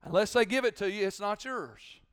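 A man preaching as a pastor, driving points home with repeated phrases and loud, rising emphasis. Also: sits high, moderate pace, clean tone, no room sound, studio quality. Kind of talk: sermon.

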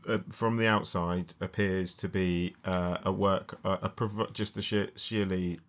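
Very deep-voiced male podcast host. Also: steady tone, a little slow. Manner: hesitant, many restarts and fillers. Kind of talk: casual film review chat.

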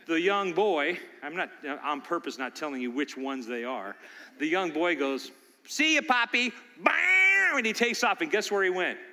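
An older man preaching a sermon, shifting between loud urging and soft storytelling. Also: fairly high pitch, lively intonation, moderate pace, big-room sound. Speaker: pastor.

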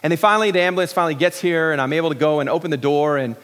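A middle-aged pastor preaching a sermon in a relaxed, joking way, with many restarts and fillers. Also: male voice, fairly high pitch, very fast, smooth, big-room sound.

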